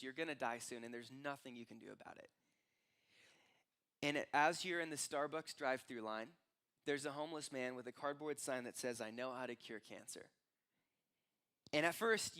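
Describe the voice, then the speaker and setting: A man's voice: a little high, clear, resonant tone. A young man preaching a sermon as pastor, telling stories and acting out voices. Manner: storytelling, acts out voices with rising excitement.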